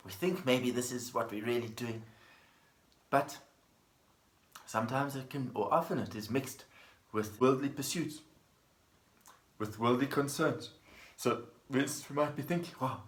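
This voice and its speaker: A man of middle pitch gives a Buddhist dharma talk, calm and gentle, telling a simple story and circling back to key phrases. His voice carries the echo of the room around him. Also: moderate pace. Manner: gentle, storytelling with plain repetition. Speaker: Buddhist teacher. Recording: echoey room.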